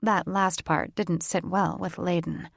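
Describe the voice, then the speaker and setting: A woman narrating a fantasy audiobook in a measured, even reading. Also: lowish voice, creaky, no echo, studio quality. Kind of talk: scripted narration.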